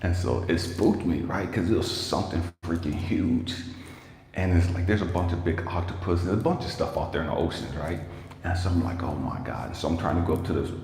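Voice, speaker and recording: Deep-voiced man telling a story in an echoey room. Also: a little mellow. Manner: emphatic, casual, swears freely, talks straight to viewers. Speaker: life coach and motivational speaker. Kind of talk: livestreamed motivational storytelling. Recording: echoey room with long reverb and faint noise.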